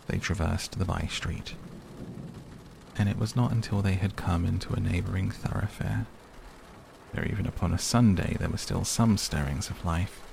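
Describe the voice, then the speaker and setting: A man narrating a classic novel as a calm, measured bedtime audiobook. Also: low-pitched, creaky, noisy background. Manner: measured, soothing. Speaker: audiobook reader. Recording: steady rain sounds behind.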